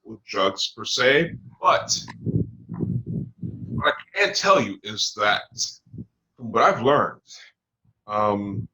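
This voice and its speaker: Man hosting with a bright voice. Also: on the low side, big pitch swings, rough recording. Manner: slow, deliberate and hesitant, with many ums. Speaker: talk show host. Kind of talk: casual talk show chat.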